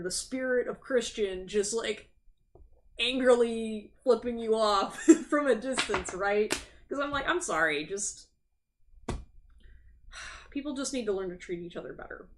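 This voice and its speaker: A woman's voice: fairly high pitch, measured pace, long pauses, a little hiss or hum. A woman hosting a tarot livestream, chatting casually, frank and sympathetic, swearing freely. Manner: sympathetic and sassy. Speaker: tarot reader and livestream host. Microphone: streaming setup.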